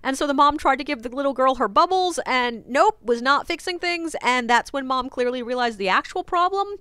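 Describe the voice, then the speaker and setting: A woman who works as a ghost tour guide, telling stories from her tours in a chatty, wry, animated way. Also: high voice, fairly quick, clean tone, no echo. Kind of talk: casual storytelling vlog. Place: French Quarter, New Orleans.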